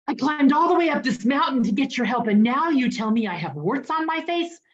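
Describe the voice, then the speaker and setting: A woman's voice: sits high, lively intonation, fairly quick, highs cut off, pitched above the performer's own voice. A woman voicing a proud, touchy king who shrieks in anger, within a told story. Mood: furious. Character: proud, touchy king, wart-covered, shouting.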